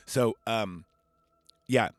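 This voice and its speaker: A man's voice: on the low side, extremely slow, no echo, soft background music. A man hosting a podcast, recapping a movie in a rambling, chatty way and swearing freely. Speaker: podcast host. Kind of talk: casual film review.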